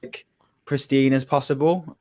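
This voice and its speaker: A man's voice: medium pitch, fairly even intonation, unhurried, dark tone, no echo. A man chatting casually in a group, rambling and stringing thoughts together with lots of fillers. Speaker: podcast panelist.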